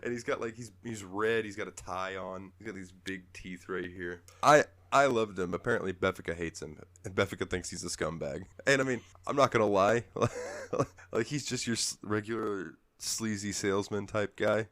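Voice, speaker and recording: A man with a very low voice chats on a podcast and tells stories with lively energy. The sound is dry and close, with no room around it. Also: normal speed, dry recording. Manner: animated storytelling, puts on character voices. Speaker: podcast host. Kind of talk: casual chat.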